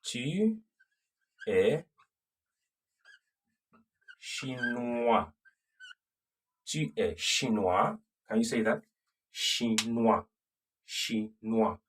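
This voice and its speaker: A man with a Nigerian accent teaching French, slowly repeating phrases and checking that the class follows. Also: medium pitch, animated, slight background noise. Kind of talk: slow classroom lesson. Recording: voice from a distance off the mic.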